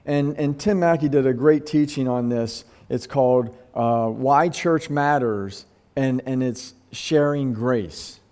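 A man's voice: mid-range voice, takes it slowly, few pauses, a little mellow. A man preaching a conversational sermon, earnest and close to tears, often restarting his sentences. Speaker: pastor.

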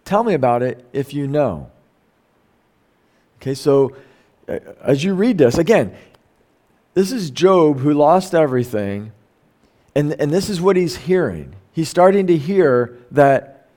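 Middle-aged man, sermon, slightly high voice, chatty rhetorical questions, reads then explains. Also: animated, unhurried, pauses often, warm tone. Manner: conversational, asks rhetorical questions, self-corrects while reading. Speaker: pastor. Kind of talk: sermon reading and explaining scripture.

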